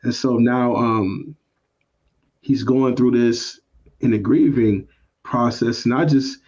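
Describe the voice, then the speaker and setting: Podcast co-host, male, mid-pitch voice, slightly dull sound, reflective storytelling. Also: fairly even intonation, takes it slowly, darkish tone. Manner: reflective, many "you know" fillers. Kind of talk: personal storytelling.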